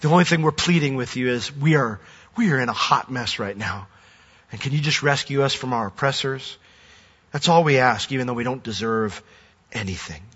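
A pastor preaching a sermon, lively and animated, often acting out voices. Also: male voice, mid-range voice, moderate pace, husky. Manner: animated, acts out quoted voices. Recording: dull recording with long hall reverb.

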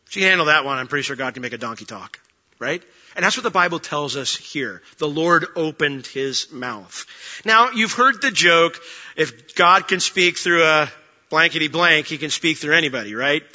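A male pastor delivers a sermon in a chatty, joking manner, acting out the story's quotes. His voice is high and very bright. The recording is dull and carries a long church-hall reverb. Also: expressive, normal speed. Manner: conversational, joking, acts out quotes.

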